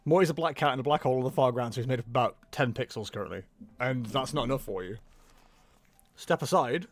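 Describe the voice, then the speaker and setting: A man's voice: mid-range voice, brisk, pauses often, dry recording. A man casually chatting to his stream from home, teasing his viewers with playful mock outrage. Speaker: livestream tournament commentator.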